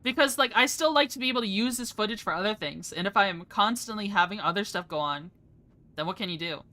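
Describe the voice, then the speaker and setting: A woman's voice: mid-range voice, expressive, fast, pushed and bright. A young woman streaming a game, chatting casually and rambling from topic to topic, laughing often. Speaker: VTuber streamer. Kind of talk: casual live-stream chat.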